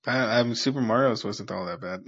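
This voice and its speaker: A man's voice: medium pitch, moderate pace, a crowd in the background. A man co-hosting a movie podcast in casual chat, easygoing and laughing often. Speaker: podcast co-host. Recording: dry, dull lo-fi audio.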